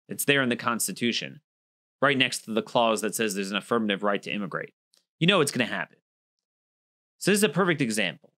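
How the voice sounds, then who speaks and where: A man's voice: mid-range voice, animated, a little fast, pauses often, pushed and bright. A man giving an argumentative opinion monologue as a political commentator, emphatic and acting out quoted exchanges.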